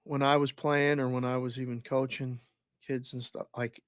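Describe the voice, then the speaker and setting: A man co-hosting a sports podcast, a former player and youth coach, explaining hockey in a measured, wry way. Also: medium pitch, level tone, no room sound, studio quality. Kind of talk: casual sports talk.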